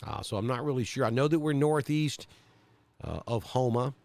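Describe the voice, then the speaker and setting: A man's voice: medium pitch, normal speed, a little mellow, no room sound. A man from central Alabama with a Southern accent, giving live storm coverage as a weather broadcaster and thinking aloud with many fillers.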